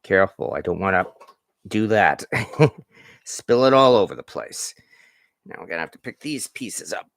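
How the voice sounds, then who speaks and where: A man's voice: low-pitched, very animated, normal speed, gravelly, pauses often, fairly bright tone, dry recording, clean studio sound. Rambling man hosting a cooking show. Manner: rambling, self-deprecating, fond of corny puns. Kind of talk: casual cooking chat while demonstrating. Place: home kitchen.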